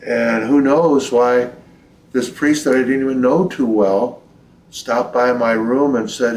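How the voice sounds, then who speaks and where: A man's voice: medium pitch, a little slow. An older man, a priest, telling reflective stories in a folksy way during an interview at his home. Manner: reflective, folksy storyteller, quotes people in lively voices. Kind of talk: storytelling in a recorded interview. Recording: roomy, distant from the mic.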